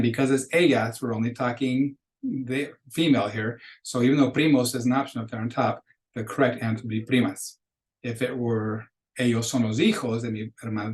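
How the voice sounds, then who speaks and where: Patient man teaching Spanish pronunciation. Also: medium pitch. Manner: explains patiently, slows down to model pronunciation. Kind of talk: recorded lecture.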